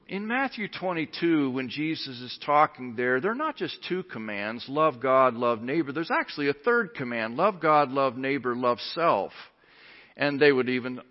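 Pastor preaching in a reverberant hall. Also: male voice, mid-range voice, lo-fi sound. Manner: emphatic, earnest preaching. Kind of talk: sermon.

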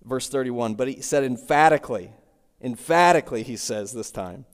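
A man delivers an expository sermon at a mid-range pitch, explaining the passage verse by verse. He restates key phrases as he builds his point. His voice rings out with a long reverb, as if from a church hall. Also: moderate pace. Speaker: preacher.

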